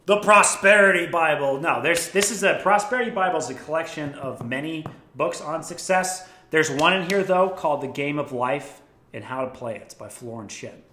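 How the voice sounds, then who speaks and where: A man's voice: a little high, moderate pace, bright, forceful tone, a little hiss or hum. A young man casually recommending books, enthusiastic and swearing freely. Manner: profane, enthusiastic storytelling. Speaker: vlogger. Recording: echoey room.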